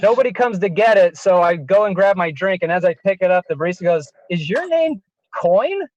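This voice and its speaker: A man's voice: high-pitched, quick pace, darkish tone, dull audio. A man performing a self-deprecating stand-up set, laughing at his own story now and then. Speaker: stand-up comedian.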